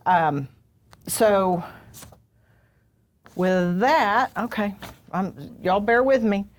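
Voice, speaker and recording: A woman's voice: mid-range voice, drawn-out words. A middle-aged woman hosting a casual onstage interview, chatty and self-deprecating, joking with her guest. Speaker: host, HR director. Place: live event room with audience.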